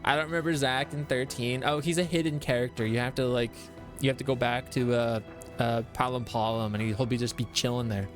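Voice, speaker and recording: A man's voice: medium pitch, fairly even intonation, brisk. Male streamer, chatty lore-explainer, fillers and restarts, light music bed. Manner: rambling, explains game lore with many fillers; reads chat aloud and greets viewers. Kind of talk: casual live-stream chat.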